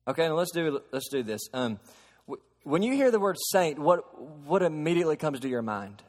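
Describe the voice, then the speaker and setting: A man preaching a sermon to a congregation, shifting from soft explaining to loud, emphatic preaching and asking them questions. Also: fairly high pitch, sing-song, normal speed. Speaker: pastor. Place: church sanctuary. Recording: long hall reverb.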